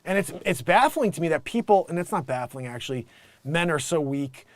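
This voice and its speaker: A man hosts a comic news commentary with a fairly high, very lively voice that swoops up and down. He mocks what he sees and slips into short character voices for the people he describes. The sound is dry and close, with no room echo. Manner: animated, mocking, does quick voices in quoted bits. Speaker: host. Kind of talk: casual comedic commentary.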